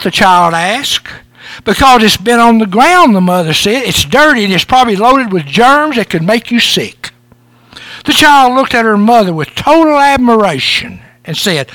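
Folksy pastor, lively high voice. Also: male voice, normal speed, no echo. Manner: folksy, chuckling, conversational. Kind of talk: sermon with folksy jokes. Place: church service.

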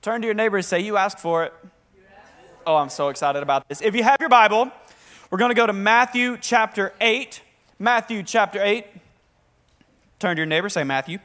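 A young man with a Southern accent preaching a lively, joking sermon to a congregation and prompting them to answer back. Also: high-pitched, fairly quick, long pauses. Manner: talkative, energetic, joking. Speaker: pastor. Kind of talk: lively sermon with call-and-response. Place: church hall with a live congregation.

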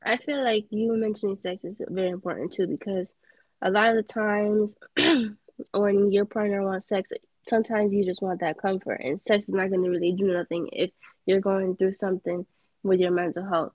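Young woman podcast co-host: relaxed, agreeable, slangy; dull lo-fi sound. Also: mid-range voice, normal speed, no room sound. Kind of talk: casual chat.

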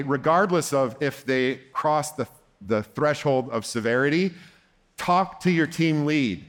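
A man speaking to a conference audience as a therapist, conversational and gentle, acting out short dialogues in quoted lines. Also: medium pitch. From United States. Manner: gentle, reassuring when voicing the counselor. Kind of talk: conference talk.

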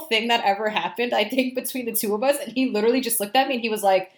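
A young adult woman co-hosting a podcast, telling stories in an animated, casual way. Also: on the high side, fast talker. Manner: animated storyteller, acts out quoted dialogue. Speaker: podcast co-host. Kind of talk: casual chat. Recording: roomy echo.

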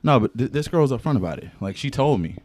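A young man chatting casually on a podcast, telling an animated story full of slang and frequent laughs. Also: medium pitch, fast. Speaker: podcast co-host. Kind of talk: casual chat.

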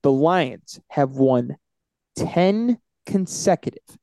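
Male podcast co-host, slightly high, mellow tone, dry close mic, hype-driven picks delivery. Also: slow, vocal fry, no echo. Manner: animated, hyping his picks. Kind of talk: casual sports picks chat.

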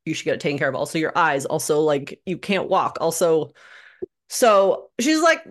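A young adult woman telling a personal story as a podcast guest, animated and sardonic, swearing freely. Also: low voice, normal speed. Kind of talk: candid conversational storytelling. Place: living in Minnesota.

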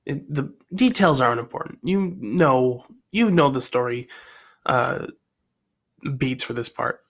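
A man casually tells a story he is still working out. He rambles and thinks aloud, often pausing to decide what happens next. His voice sits at an ordinary middle pitch. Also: lively intonation, vocal fry. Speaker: storyteller sharing his own story ideas.

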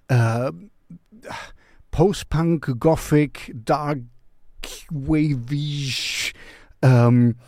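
A man's voice: mid-range voice, mellow, no room sound, clean studio sound. A man hosting his own music channel, giving a casual song recommendation with chatty, playful self-mocking humor.

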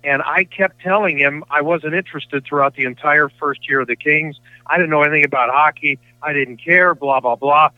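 A man's voice: on the high side, moderate pace, few pauses, smooth, no echo. Older man telling stories over the phone. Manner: chatty, rambling anecdotes with self-corrections. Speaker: sports broadcaster guest. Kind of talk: storytelling in casual conversation. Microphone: phone line. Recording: tinny dry phone line.

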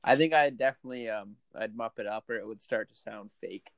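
A Canadian man as a guest on a casual podcast, telling stories in an animated, upbeat way. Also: fairly low pitch, a little fast. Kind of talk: casual chat.

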